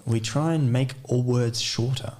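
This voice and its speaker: A man's voice: mid-range voice, measured pace, a little mellow. A man with an Australian accent chatting as a podcast guest, rambling and full of filler words. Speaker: guest, DJ and music producer. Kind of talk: casual podcast chat.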